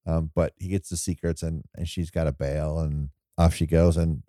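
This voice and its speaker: Flat in delivery and speaking at normal speed, a podcast co-host with a very low, mellow voice chats casually about a film. He rambles, retells scenes with quoted asides and laughter, and the recording is close and dry.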